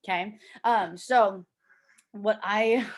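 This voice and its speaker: A woman's voice: medium pitch, drawn-out words. Chatty young woman coaching her team. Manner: chatty, lots of "like", animated quoted voices. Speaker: team leader coaching a sales team. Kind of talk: casual motivational talk. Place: at home with a child nearby.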